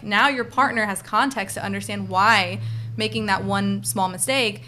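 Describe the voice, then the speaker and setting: A young woman with a bright, crisp voice talks as a podcast guest. She explains her points earnestly and step by step in an easy, conversational way. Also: mid-range voice, fairly even intonation, moderate pace. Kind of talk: casual conversation.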